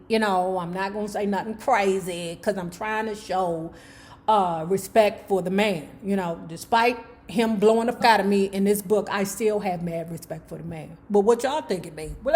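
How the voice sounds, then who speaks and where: A woman hosting her channel, reading a book aloud and breaking off into slangy, playful asides to her viewers. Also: medium pitch. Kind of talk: book reading with casual commentary.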